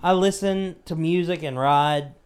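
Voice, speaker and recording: A man's voice: a little high, unhurried, clean tone. A man co-hosting a podcast who chats in an easygoing way and retells stories with lots of fillers. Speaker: podcast co-host. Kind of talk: casual chat.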